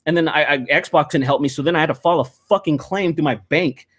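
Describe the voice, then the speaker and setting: A man hosting a casual podcast chat, telling stories in an animated, profanity-laced rant. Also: a little high, fast talker. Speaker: podcast host.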